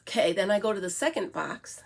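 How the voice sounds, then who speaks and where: A woman's voice: mid-range voice, lively intonation, a little fast, gravelly, a little hiss or hum. A middle-aged woman from the United States hosting a casual morning coffee chat, chatty and breaking into baby talk with her dog. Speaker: vlog host.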